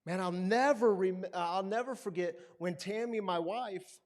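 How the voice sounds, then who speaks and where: A man's voice: high voice, measured pace. A man pastoring a recovery community, telling a story in a sermon and acting out the quotes and sounds. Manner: animated storyteller, acts out quotes and buzzing sounds. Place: gathering hall with a live audience.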